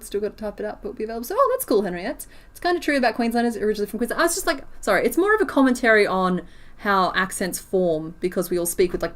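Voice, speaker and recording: A woman with a rural Australian accent chatting casually on a crochet livestream, laughing often and talking to her viewers. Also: medium pitch. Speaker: crochet streamer.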